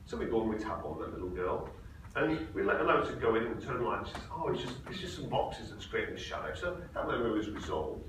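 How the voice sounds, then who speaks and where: A man's voice: medium pitch, very animated, fast, few pauses. Male conference speaker, storytelling, very echoey hall with noise behind, mic distant. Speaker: presenter. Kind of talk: conference talk with anecdotes.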